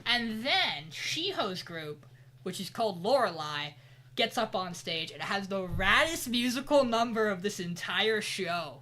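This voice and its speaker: A man's voice: high-pitched, expressive, a little slow, bright, forceful tone. A man co-hosting a podcast, recapping an anime in casual chat with rambling, profane, sarcastic asides. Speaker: podcast co-host.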